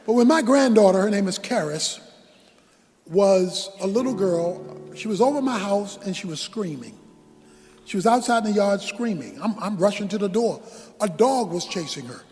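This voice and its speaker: An older man preaching a sermon, impassioned and shouting for emphasis. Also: sits high, animated, moderate pace, big-room sound. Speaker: pastor.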